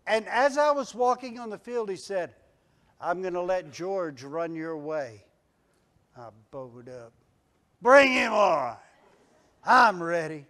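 A man pastor preaching a folksy sermon in a church, building to near-shouts on his refrains. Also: high-pitched, unhurried. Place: church sanctuary.

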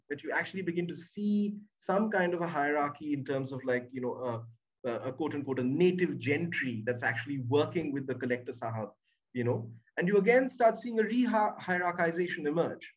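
Husky-voiced academic lecturer. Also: male voice, a little high. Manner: tags statements with a questioning "right?"; reads quoted passages aloud and then comments on them. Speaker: academic presenter. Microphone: computer mic on a video call. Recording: muffled, distant webinar audio.

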